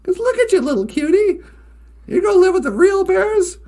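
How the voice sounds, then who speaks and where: A woman's voice: very high-pitched, big pitch swings, moderate pace, warm tone, pitched above the performer's own voice, exaggerated voice. A woman voicing a sly male fox who steals eggs and talks in a cocky, teasing way. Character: sly male fox, boastful egg thief.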